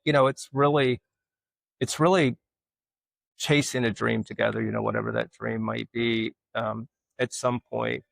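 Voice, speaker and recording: A man's voice: medium pitch, steady tone, moderate pace, vocal fry, no echo, poor audio. A man, a guest telling rambling, self-mocking stories in casual interview chat. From Alabama. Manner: rambling, self-mocking storyteller who acts out quoted voices. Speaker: guest artist.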